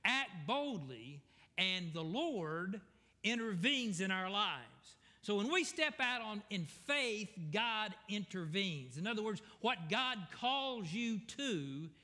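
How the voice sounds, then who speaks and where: A man's voice: high voice, very animated, takes it slowly, pushed and bright. A male pastor preaching a sermon in a folksy, digressive way, often correcting himself mid-sentence, in a church sanctuary. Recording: long reverb of a church hall.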